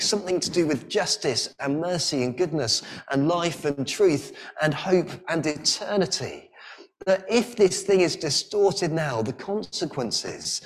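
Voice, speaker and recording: Male preacher, earnest and halting, somewhat higher voice. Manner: earnest, frequent repeated-word restarts. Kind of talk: sermon.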